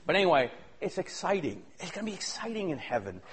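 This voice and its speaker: A male pastor preaching a sermon, swinging between shouted excitement and hushed asides. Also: high-pitched, quick pace, husky.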